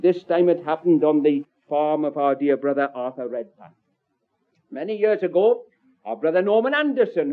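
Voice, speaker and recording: A man preaching a sermon and telling stories, his voice rising high and then dropping low and soft, slowing down for scripture. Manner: swooping pitch, drops low and soft at line ends, slows on scripture. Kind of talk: sermon with storytelling. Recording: tinny phone-like recording.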